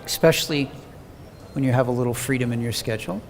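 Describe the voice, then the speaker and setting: A man giving a scripture lecture as an animated, dramatic storyteller who acts out the quoted voices. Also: mid-range voice, quick pace. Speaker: preacher. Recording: long hall reverb, faint background hum.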